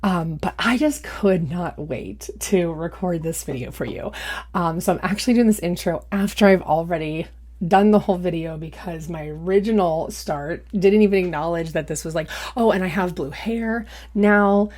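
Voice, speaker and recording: Sarcastic young woman reacting to a clip, kinda low voice, chatty. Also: normal speed, a little mellow. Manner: sarcastic, mocking. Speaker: YouTube commentator. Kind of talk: casual reaction commentary.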